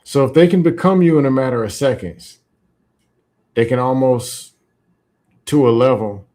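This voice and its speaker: A man's voice: mid-range voice, normal speed, darkish tone. Reflective man telling candid stories. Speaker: podcast host. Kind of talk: casual conversation.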